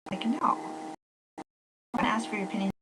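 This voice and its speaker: A woman's voice: mid-range voice, moderate pace. A woman rambling through a personal vlog, often dropping into whispered asides. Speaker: vlogger. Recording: loud background noise and hum.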